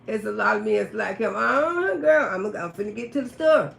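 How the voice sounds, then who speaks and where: A woman telling a personal story on a casual livestream, animated and profane, chatting with viewers by name. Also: a little high, fairly quick, gravelly, echoey room, a little hiss or hum.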